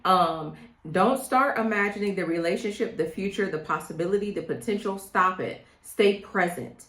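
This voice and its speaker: A woman's voice: mid-range voice, moderate pace, fairly bright tone. A middle-aged woman coaching women on dating in a direct, emphatic way, often checking in with "okay?". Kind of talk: direct advice monologue. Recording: echoey room.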